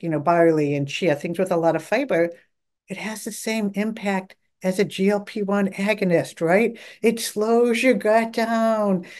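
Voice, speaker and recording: A middle-aged woman answers questions on a podcast as a guest expert. She talks at length with eager energy and often acts out what her patients say. Her voice sits at an everyday middle pitch. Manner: enthusiastic, talkative, quotes patients in lively voices. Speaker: dietitian guest. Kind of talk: podcast interview.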